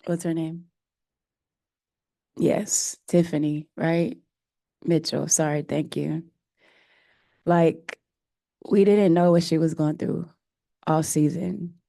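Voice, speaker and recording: A woman coach speaks at a press conference with a low, mellow voice that stays fairly flat in pitch. She is earnest and emotional and often stops on fillers. The sound is dry. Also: slow, gravelly, pauses often, no echo. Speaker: head coach. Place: press room.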